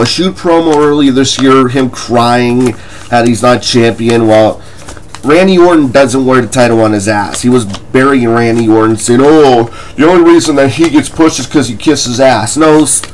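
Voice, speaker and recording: A man of ordinary middle pitch delivers a combative wrestling-commentary rant. He swears freely and mocks the people he argues against, and scoffing laughs break up his points. Faint noise sits under the voice. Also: rough recording. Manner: profane, combative, mocking. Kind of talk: ranting commentary vlog.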